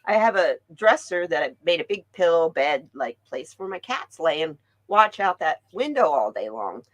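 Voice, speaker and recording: A woman's voice: deep voice, normal speed, dry recording, low-quality recording. An older woman hosting a live stream, chatting casually and acting out voices in her stories. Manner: animated storyteller, acts out voices in her anecdotes. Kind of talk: casual chat.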